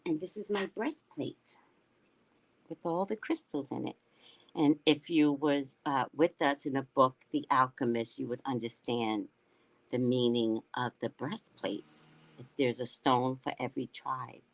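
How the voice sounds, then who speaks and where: A woman's voice: low-pitched, low-quality recording. A woman psychic reader hosting a casual livestream, chatting in a rambling way and reading out viewer comments.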